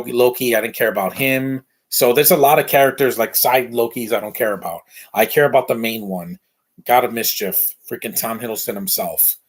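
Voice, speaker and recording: A man giving a casual spoken review as a YouTube channel host. He talks bluntly, rambles and often restarts his sentences. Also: mid-range voice.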